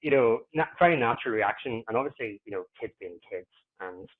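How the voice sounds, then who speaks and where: A man's voice: mid-range voice, expressive. Reflective man on a tinny line. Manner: reflective, pausing often to find words. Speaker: podcast guest. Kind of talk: casual interview conversation.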